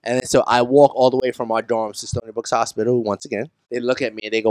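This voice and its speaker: A man's voice: medium pitch, little pitch movement, fast talker, hardly any pauses, a little mellow, clear, resonant tone, dry recording, low-quality recording. A man in his twenties co-hosting a podcast, telling stories in a laid-back way with casual swearing. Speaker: podcast co-host. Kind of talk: casual podcast chat, storytelling.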